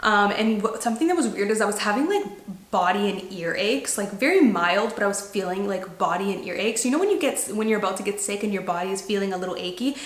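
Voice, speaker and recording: A woman's voice: medium pitch, fast talker. Chatty young woman vlogging in an echoey room. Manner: chatty, animated, heavy use of "like". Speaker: lifestyle vlogger. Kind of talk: casual storytelling to camera.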